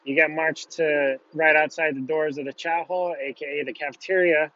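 A man's voice: on the high side, steady tone, normal speed, bright, forceful tone, no echo. A young man casually telling a personal story in a blunt way, with heavy swearing. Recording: dull, lo-fi, dry.

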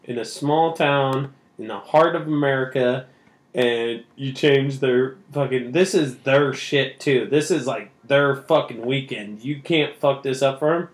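A man's voice: mid-range voice, unhurried, echoey room. A man co-hosting a podcast in casual chat, joking around and swearing freely. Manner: profane, joking, rowdy. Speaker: podcast co-host.

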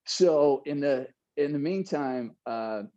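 Animated man telling a story. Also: on the high side, slow, dry recording, dull audio. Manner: animated, laughing retelling with acted-out quotes. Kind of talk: casual storytelling.

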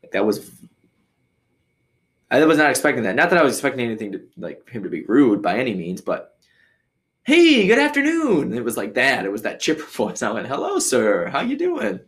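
Rambling low-voiced male podcast host. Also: expressive, fast, a bit bright. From Michigan, USA. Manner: rambling, with many fillers and restarts; acts out others' voices when quoting. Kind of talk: casual storytelling.

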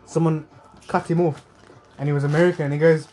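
A woman's voice: deep voice, fairly even intonation, fast, a little mellow, soft background music. A woman chatting casually with friends in a crude, joking way, slipping into impressions. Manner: crude, joking, keeps doing voices. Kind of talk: casual chat among friends.

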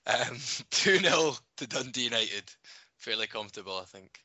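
Sarcastic bright-voiced man. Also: mid-range voice, animated, normal speed, no room sound, muffled recording. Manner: sarcastic, laughs often. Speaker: co-host. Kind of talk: casual podcast chat.

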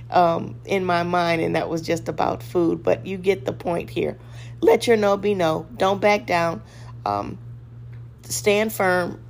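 A woman with a fairly low voice delivers a short devotional sermon, firm and exhorting. She drives her points home with short, repeated commands. A faint hum sits under the recording. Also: a little mellow. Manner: acts out a weak, hesitant voice when giving examples. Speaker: devotional podcast host.

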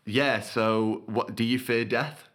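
This man co-hosts a relaxed podcast. He speaks at an ordinary pitch, and his delivery is playful and teasing as he tells his stories. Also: slow. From United Kingdom. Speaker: podcast co-host. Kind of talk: casual chat.

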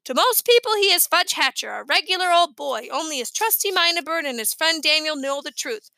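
A woman voicing a cheeky, excitable little boy in a storybook reading. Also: high-pitched, a little fast, gravelly, no echo, heavily acted.

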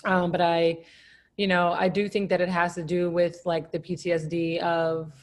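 A woman with a somewhat low voice speaks as a guest in a candid conversation. She talks reflectively, pausing and searching for words as she goes. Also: level tone.

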